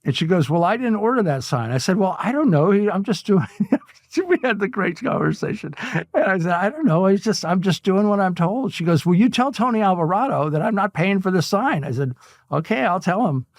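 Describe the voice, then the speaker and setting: An older man tells stories as an interview guest, animated and quick to chuckle. His voice sits a little high for a man. The sound is close and dry. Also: no echo. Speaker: guest artist. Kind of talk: casual storytelling interview.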